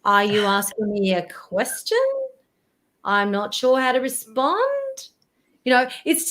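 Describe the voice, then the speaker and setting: A woman, a voice presentation coach giving tips in an interview, animated and demonstrative. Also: mid-range voice, measured pace, long pauses.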